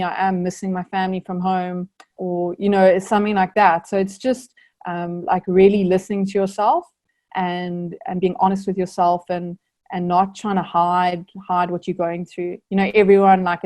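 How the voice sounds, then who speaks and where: A woman's voice: lowish voice, mellow. A young woman from South Africa, an Olympic rower, answering interview questions in an earnest, reflective way with many fillers.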